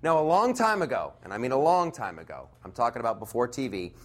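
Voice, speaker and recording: A middle-aged man performing a stand-up comedy set, animated and mocking, slipping into quick impressions. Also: medium pitch.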